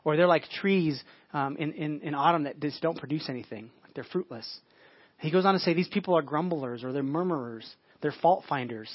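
A man's voice: on the high side, a little fast, dry recording, lo-fi sound. A man delivering a sermon as pastor, in a conversational preaching manner, with frequent restarts and casual asides.

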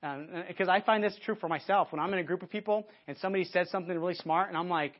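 A man preaching a conversational sermon to a church audience, lively and often restarting his sentences. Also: high-pitched, rapid-fire. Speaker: pastor. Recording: dull lo-fi sermon recording.

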